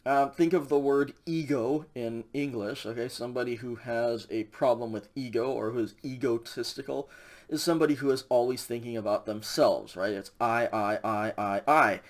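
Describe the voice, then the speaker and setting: A man delivering a recorded lecture in an unhurried, conversational way. He explains step by step, filling pauses with "um" and checking understanding with a frequent "okay?". His voice sits at an ordinary middle pitch. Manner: relaxed explaining, many ums and okays. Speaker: Greek instructor.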